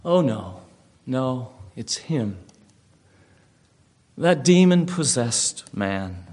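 A man's voice: mid-range voice, big pitch swings, very slow, darkish tone. A preacher voicing a wary local male host. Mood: grim.

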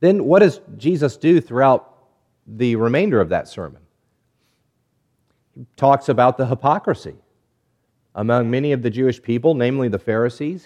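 A man preaching a sermon, measured and deliberate, stretching key words and letting phrases fall quiet at the end. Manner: drops low and quiet at phrase ends. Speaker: pastor.

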